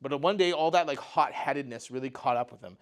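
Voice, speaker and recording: A man's voice: medium pitch, fast talker. A man speaking at a mental health talk and telling a personal story in a conversational way, often saying "you know" and "right?".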